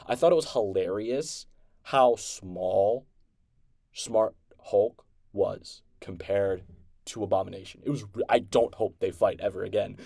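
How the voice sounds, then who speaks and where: A man hosting a podcast, excitedly recapping and reviewing an episode in a rambling, casual way with many restarts. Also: mid-range voice, no echo, studio quality. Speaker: podcast host.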